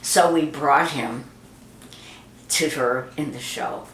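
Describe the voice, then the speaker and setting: Slow-talking older woman, roomy echo. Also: very deep voice, fairly bright tone, a little hiss or hum. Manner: chatty, acts out quoted voices. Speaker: interviewee. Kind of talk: reminiscing storytelling.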